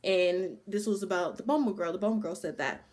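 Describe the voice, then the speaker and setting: A woman's voice: fairly low pitch, brisk, a little mellow. A woman in her twenties telling a casual storytime, swearing freely and saying "like" constantly. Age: 20s. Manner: casual, profane, full of "like" fillers. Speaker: vlogger.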